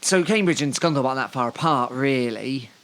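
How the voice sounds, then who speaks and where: A man co-hosting a casual football chat, talking at an ordinary middle pitch. He rambles through the news with a dry, joking tone. He is from Devon. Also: expressive, fairly quick, fairly bright tone. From Devon, England. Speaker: podcast co-host.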